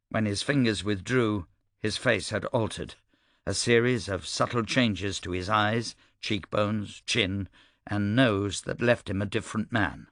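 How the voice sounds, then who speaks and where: A male audiobook narrator with a low, gravelly voice, reading with steady, measured storytelling. The sound is close and dry, with no room around it. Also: dry recording. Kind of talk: scripted narration.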